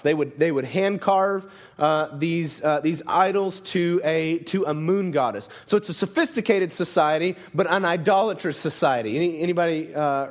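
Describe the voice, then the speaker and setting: A man preaching a sermon in a conversational way, often asking "right?" and restarting his sentences. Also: fairly high pitch. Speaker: pastor.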